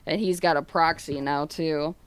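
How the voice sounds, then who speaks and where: A woman streamer talking loosely to her chat in a relaxed, profane way, retelling stories between laughs. Her voice is smooth and clear, recorded close and dry with no room sound. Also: deep voice, moderate pace, no echo. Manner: laughing, swearing, retelling chats with friends and family. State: coughing. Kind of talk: casual livestream chat.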